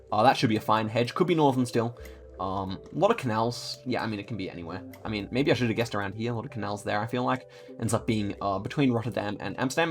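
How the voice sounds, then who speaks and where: A man giving casual commentary on his own game, thinking aloud and stumbling over words with frequent fillers. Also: medium pitch.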